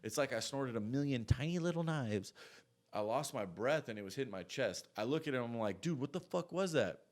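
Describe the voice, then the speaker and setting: A man's voice: mid-range voice, expressive, fairly quick, a little mellow. A man telling a story in a casual, rambling way, swearing a lot and trailing off into asides.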